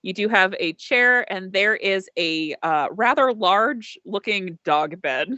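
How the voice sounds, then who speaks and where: A woman's voice: medium pitch, lively intonation, unhurried, pushed and bright, no room sound, dull audio. A young woman narrating as game master in a chatty, giggly way with many fillers.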